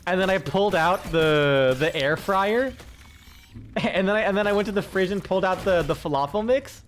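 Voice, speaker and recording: High-voiced excitable streaming man. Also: moderate pace, a little hiss or hum. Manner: rambling, excitable, swears a lot, laughs often. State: tired. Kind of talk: casual gaming stream chat.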